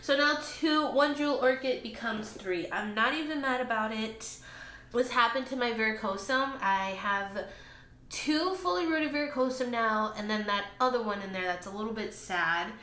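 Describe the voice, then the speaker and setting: A woman's voice: a little high, moderate pace, sharp tone. A woman, chatting casually in a plant vlog and talking to her plants. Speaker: plant vlogger. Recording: echoey room with faint ambient noise.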